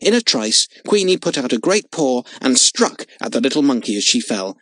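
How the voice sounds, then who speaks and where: Male storybook narrator, expressive, mid-pitched, very dry sound. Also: normal speed, no echo. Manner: expressive, dramatic reading. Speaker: audiobook narrator.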